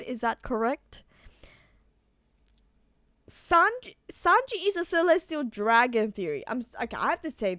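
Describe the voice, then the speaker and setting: A woman's voice: high voice, dry recording, studio quality. A woman chatting casually on a live stream, reading out and answering viewer messages. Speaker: streamer reacting to a manga chapter.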